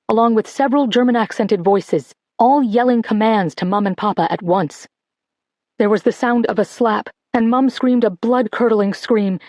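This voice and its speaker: An audiobook is narrated by a woman whose medium-pitched voice reads in a measured, expressive manner. The recording carries no room sound.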